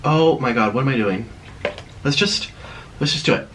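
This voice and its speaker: A man's voice: mid-range voice, animated, normal speed, fairly bright tone, a little hiss or hum. A man hosting an eating vlog, chatting through a dramatic story between mouthfuls. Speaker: vlogger.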